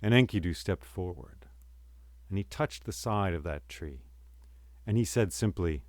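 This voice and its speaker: A male storyteller telling an ancient myth in a dramatic way, dropping to a hush and rising loud. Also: deep voice, lively intonation, a little slow, long pauses, dry recording. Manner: dramatic, swings from hushed to loud.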